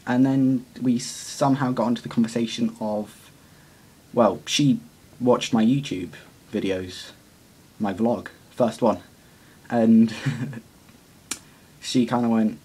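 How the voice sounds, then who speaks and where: A teenage boy rambles through a casual confessional vlog, awkward and self-deprecating, laughing a lot and leaning on fillers and pauses. His male voice is lowish, steady and darkish, with a slightly rough edge.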